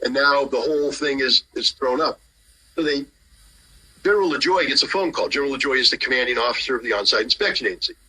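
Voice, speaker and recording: Bright, husky man telling stories. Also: medium pitch, fast talker, poor audio. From United States. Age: middle-aged. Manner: lively, acts out dialogue with shifting voices. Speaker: guest telling a story. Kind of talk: animated anecdotal storytelling.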